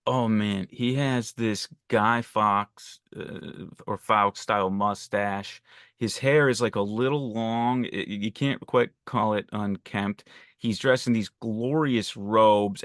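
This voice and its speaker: A man's voice: on the low side, a little slow, fairly bright tone, no echo, clean studio sound. A man talking about a film on a podcast, enthusiastic, restarting his sentences and speeding up in bursts. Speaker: podcast co-host. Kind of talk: casual film discussion.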